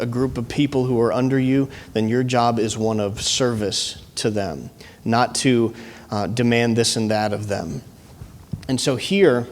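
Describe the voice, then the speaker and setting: A man with a Midwestern American accent preaching a sermon as pastor, in an earnest teaching tone with frequent restarts. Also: mid-range voice. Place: church sanctuary. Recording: long church hall reverb.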